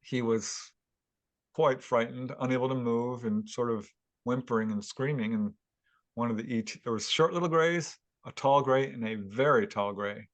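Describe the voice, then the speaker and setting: Man, podcast guest, storytelling, even pitch, chuckles between lines. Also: moderate pace. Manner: animated retelling with chuckles. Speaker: guest author and UFO investigator. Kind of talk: casual interview storytelling.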